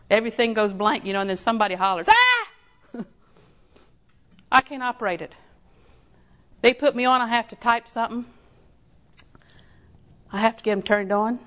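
An older woman preaches a sermon in a folksy storytelling manner, repeating herself slowly and emphatically. Her voice is mid-range with a fairly bright tone.

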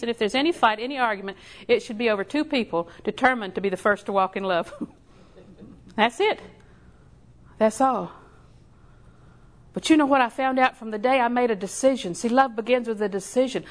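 An older woman preaching a sermon in a folksy, storytelling way, with slow emphatic repetition. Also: medium pitch.

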